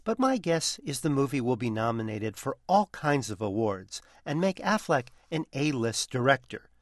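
Male critic, mid-pitched voice, dry booth, wry scripted review. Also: big pitch swings, moderate pace, no echo. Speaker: film critic.

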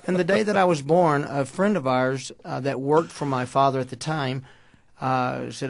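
Gravelly folksy storyteller. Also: male voice, mid-range voice, normal speed, dry recording. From Houston, Texas. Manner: folksy, animated storyteller acting out dialogue. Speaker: boxing coach. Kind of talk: storytelling interview.

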